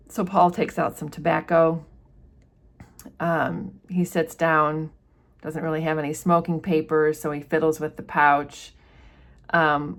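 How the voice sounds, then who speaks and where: Lady teacher talking thru a novel chapter, casual and explain-y, kinda low voice. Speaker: literature teacher. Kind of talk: chapter-by-chapter book commentary.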